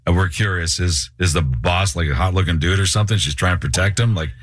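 A man hosting a morning radio show, chatting playfully with a caller and reacting with quick quips. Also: sits low, no room sound, studio quality.

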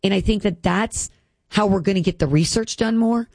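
Earnest woman with gravelly voice. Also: mid-range voice, moderate pace, darkish tone, no echo. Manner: earnest, emotional, lots of "like" fillers. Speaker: guest. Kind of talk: candid personal interview.

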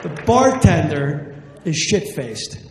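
Man, stand-up comedian, high voice, roomy echo, crude and brash. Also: big pitch swings, slow, a faint crowd, a little hiss or hum. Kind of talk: stand-up storytelling. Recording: roomy hall with faint ambience.

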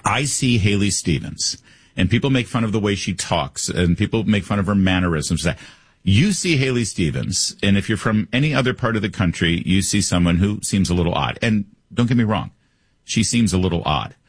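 A man's voice: on the low side, animated, moderate pace, breathy edge, dry recording. A man hosting a political talk show, giving opinionated commentary in a conversational way and reading ads. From Michigan. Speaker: radio talk show host.

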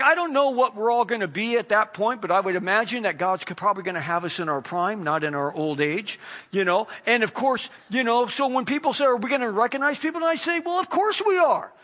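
Bright-voiced high-pitched male preacher. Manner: animated, acts out quoted voices. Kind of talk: sermon.

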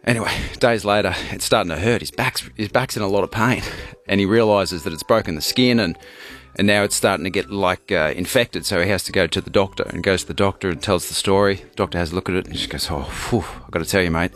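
A man's voice: deep voice, fast talker, few pauses, a bit bright, soft background music. A man co-hosting breakfast radio, telling a rambling joke with plenty of fillers. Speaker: radio co-host. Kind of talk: casual breakfast radio banter.

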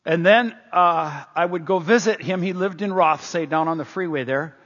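A man's voice: fairly high pitch, moderate pace, a bit bright. A middle-aged male pastor preaching a sermon, telling a story earnestly and asking the congregation questions. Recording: dull, long-reverb hall sound.

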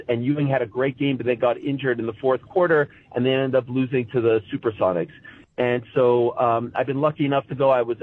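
A man in his forties from Montreal talks sport in a husky, slightly breathy voice, emotional and full of stammered restarts. The sound is dull and lo-fi, as over a remote line. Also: medium pitch. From Montreal, Canada. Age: 40s. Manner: emotional, self-described pessimistic, halting restarts. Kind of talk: casual sports chat.

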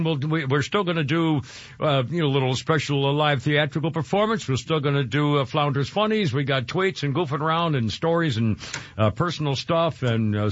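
A man's voice: on the high side, no echo. A man hosting a radio talk show, rambling and choked up. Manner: emotional, rambling with many restarts. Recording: dull lo-fi broadcast with faint music.

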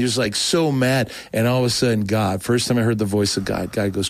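A man's voice: fairly low pitch, a little fast, hardly any pauses, no echo. A middle-aged man telling his conversion story casually, acting out what people said in a raised voice. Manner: animated, acts out quotes in a raised voice. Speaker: guest telling his testimony.

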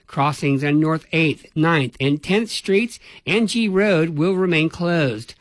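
A man anchoring a local radio newscast, reading the headlines in an even, measured way. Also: on the high side, no room sound. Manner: even, measured newsreader delivery. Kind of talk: read news bulletin.

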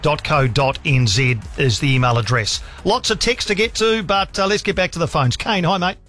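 A man's voice: on the high side, normal speed, a bit bright. A man with a New Zealand accent hosting a talkback radio show, chatting casually with callers and reading out listener emails. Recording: dry studio sound with faint music.

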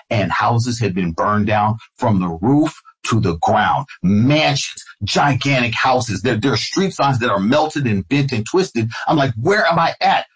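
With a fairly low, breathy voice, a middle-aged radio host tells a personal anecdote in conversation, voicing the people involved, as an interview guest. The recording is rough.

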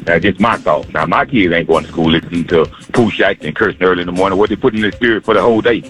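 Deep fast-talking male caller. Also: fairly bright tone, soft background music. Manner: firm, plainspoken. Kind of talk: phone-in comment.

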